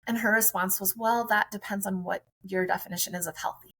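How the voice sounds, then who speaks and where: A woman's voice: mid-range voice, steady tone, fairly quick, a bit bright, slightly rough, low-quality recording. A woman guest on a podcast, a friendly and chatty mother telling her own story in conversation.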